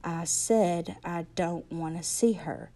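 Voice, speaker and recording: A woman reading aloud, voicing an injured, frightened teenage boy who talks in halting slang. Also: medium pitch, steady tone, creaky, warm tone, lightly acted. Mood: bitter. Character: scared injured teenage boy, bitter and gentle.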